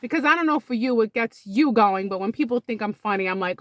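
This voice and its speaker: A woman's voice: mid-range voice, lively intonation, a little fast, a bit bright, no room sound. A middle-aged woman doing a chatty comic monologue, telling stories and acting out the dialogue. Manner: chatty, storytelling, acts out quoted dialogue. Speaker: comedian. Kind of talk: casual comedic monologue.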